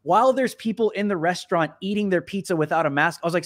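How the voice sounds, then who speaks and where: A man hosting a casual talk show, telling a story with lots of energy. His voice sits high for a man, and he jumps into the voices of the people he quotes, laughing along the way. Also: quick pace, hardly any pauses. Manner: animated, acts out quoted people, laughs often. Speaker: podcast host.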